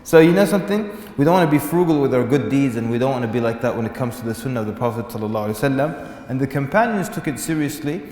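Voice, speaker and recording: A man giving a humorous religious lecture to an audience, animated and joking, sometimes mimicking people's excuses. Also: mid-range voice, very fast, hardly any pauses. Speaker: Islamic lecturer. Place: lecture hall. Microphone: venue microphone. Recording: echoey hall, faint background noise.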